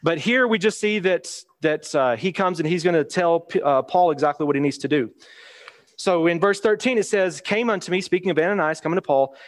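A man's voice: fairly high pitch, fairly quick. A man preaching a Bible lesson in a plain, conversational way, reading scripture aloud and explaining it. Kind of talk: Bible teaching sermon.

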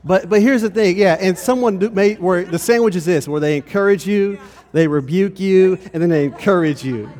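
A man's voice: high voice, moderate pace, hardly any pauses, a little mellow. A pastor giving a conversational sermon to his congregation, often checking in with "okay?". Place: church hall. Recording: long reverb of a hall.

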